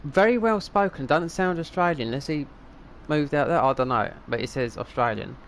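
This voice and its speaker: Slight background noise sits behind a middle-aged man's slightly high voice at normal speed. He's a streamer offering loose gameplay commentary, musing aloud and sometimes swearing at the game.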